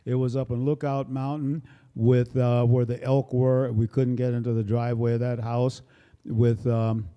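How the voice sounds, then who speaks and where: A man's voice: medium pitch, flat delivery, moderate pace, warm tone, smooth, highs cut off. Jovial older man rambling on stage. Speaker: bandleader introducing musicians. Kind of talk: casual stage banter. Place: small performance space, live audience. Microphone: stage microphone.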